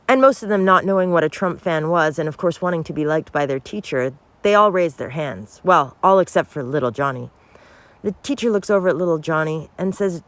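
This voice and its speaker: Brief: joke teller, mid-pitched voice, dry close sound. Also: fairly quick, a bit bright, dry recording. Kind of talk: telling a joke.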